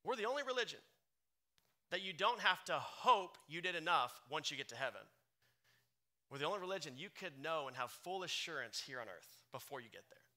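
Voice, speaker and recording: Bright high-voiced preaching man. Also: brisk. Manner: animated, swings from loud emphasis to low hushed lines. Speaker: pastor. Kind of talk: sermon.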